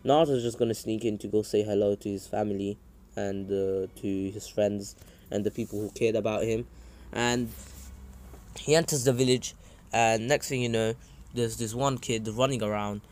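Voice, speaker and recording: A man's voice: fairly low pitch, fairly even intonation, normal speed, darkish tone. A man casually improvising a fan story, rambling with many fillers and asides. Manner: rambling, full of "uh" and "anywho".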